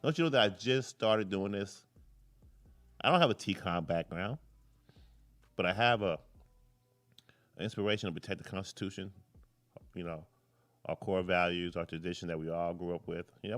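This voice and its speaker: Speaking a little fast with long pauses, a low-voiced man hosts a live political commentary show. His casual talk wanders between tangents, and he curses without restraint.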